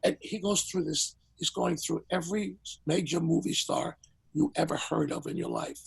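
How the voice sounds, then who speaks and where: An older man, a veteran singer, telling a lively anecdote as a podcast guest and acting out the people in it. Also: fairly high pitch, moderate pace, vocal fry, breathy edge, rough recording. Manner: lively storyteller who acts out the people in his stories. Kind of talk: animated anecdote in a podcast interview.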